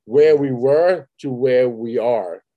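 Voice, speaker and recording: A man's voice: mid-range voice, slow pace, phone-quality sound. A man in casual chat, blunt and profane, speaking matter-of-factly. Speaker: podcast co-host.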